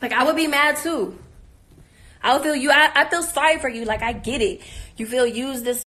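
A woman's voice: high voice, normal speed, bright, forceful tone. A woman on a live stream, ranting in a confrontational, profane, mocking way, her voice worn from talking all day. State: losing her voice. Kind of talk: heated live-stream rant.

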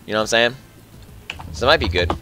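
Playful man with a lively, bouncing voice. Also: medium pitch, quick pace, faint music behind. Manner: playful, joking, thinking aloud while playing. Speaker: gaming channel host. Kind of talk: casual let's-play chat.

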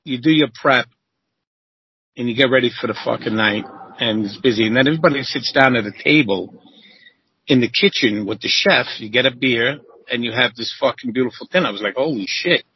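A man guest on an interview show, telling animated, profane stories and acting out quotes in a high voice. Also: brisk, slightly rough, highs cut off. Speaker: interview guest, former chef. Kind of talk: casual storytelling.

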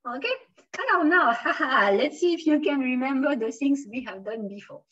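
A woman's voice: high voice, lively intonation, moderate pace, fairly bright tone, distant mic, dull audio. A woman from Switzerland teaching a beginner French class. She switches between English and French, uses many fillers and keeps encouraging her students. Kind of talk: online language class.

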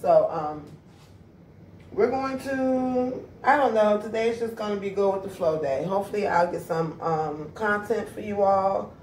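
A woman's voice: mid-range voice, normal speed, few pauses, a little mellow, a little hiss or hum. A woman chatting casually to her viewers in a home vlog. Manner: chatty, talks straight to viewers. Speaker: vlogger. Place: home and backyard. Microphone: camera mic. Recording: roomy echo from far off.

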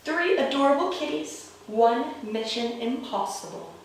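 Reading a picture book to children, a female librarian uses a slightly high, highly animated voice full of playful expression, roars, and chuckles, taking her time with each line at a measured pace. Her voice sounds far off in an echoey room, with faint noise behind it.

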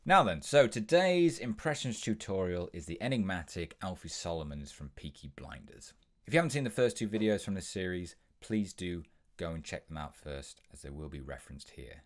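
A man's voice: sits low, animated, normal speed. A young man hosting an impressions tutorial, explaining tips in an upbeat, step-by-step way. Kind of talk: instructional tutorial.

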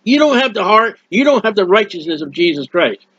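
Middle-aged male lay preacher, high voice, excitable rambling sermon, dull dry lo-fi recording. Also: a little fast, breathy edge, no echo. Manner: animated, rambling, exclamatory. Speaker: preacher of a hymn channel. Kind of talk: impassioned home sermon. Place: at home.

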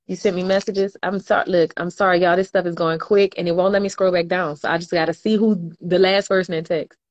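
A woman's voice: lowish voice, flat delivery, brisk, darkish tone, highs cut off. A woman, chatting casually on a livestream and reading viewer comments aloud with slangy laughter. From New Orleans, US. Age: 20s. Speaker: livestream host.

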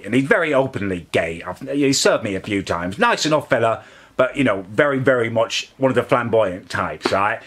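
A man's voice: mid-range voice, sharp tone. A man ranting indignantly to camera as the host of a comedic vlog, swearing often. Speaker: vlogger host.

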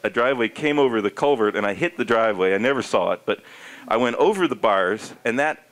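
A middle-aged American man, a former pro bike racer, telling a comic story to a live audience. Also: quick pace. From United States. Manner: animated, jumps into high squeaky character voices for quoted people.

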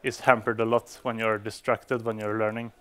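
This developer conference talk comes from a man whose first language is Swedish, speaking English hesitantly with many fillers and restarts. His voice is lowish and fairly bright, with little pitch movement and a moderate pace.

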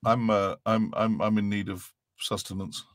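A man's voice: fairly low pitch, level tone, moderate pace, dry recording, studio quality. A man with a Dublin Irish accent, a voice actor and former dialect coach, chatting casually on a livestream panel and telling stories with stammered repeats. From Ireland.

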